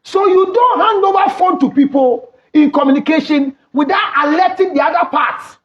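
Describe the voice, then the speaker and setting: A middle-aged man with a Ghanaian accent, a counselor hosting an advice talk show, speaking loudly and teasingly with sudden shouts. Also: very high-pitched, moderate pace. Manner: loud, teasing, breaks into shouts and acted quotes. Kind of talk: animated advice talk mixing English and Twi. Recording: dull lo-fi recording.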